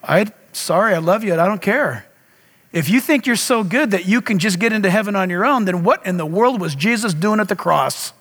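A man's voice: sits high, lively intonation, a little fast, fairly bright tone, in a large hall. A man preaching a sermon as pastor, talking straight to his congregation with passion. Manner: impassioned preaching, direct address to congregation.

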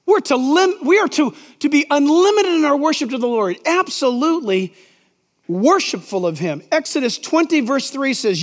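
A man's voice: very high voice, big pitch swings, normal speed. A middle-aged male pastor preaching a sermon in a conversational, emphatic way, reading Scripture aloud in a large sanctuary. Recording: long reverb in a large church.

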